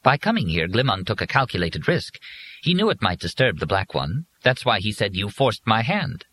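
A man's voice: on the low side, sing-song, normal speed, bright, forceful tone, slight background noise, pitched above the performer's own voice. A man reading an audiobook, voicing a fussy, servile robot servant with formal, precise speech.

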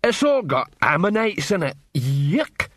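A man voicing big male trolls, with complaining, suspicious speech pitched well above his own. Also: big pitch swings, a little slow, a bit bright, slightly rough, no room sound, clean studio sound, heavily acted. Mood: disgusted. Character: grumbling big male rock-eating trolls.

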